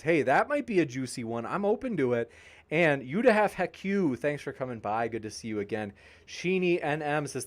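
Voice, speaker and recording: A man hosting a debate channel, reading live chat shoutouts with jokey, playful banter and growing tired. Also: medium pitch, animated, moderate pace. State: tiring, sipping water.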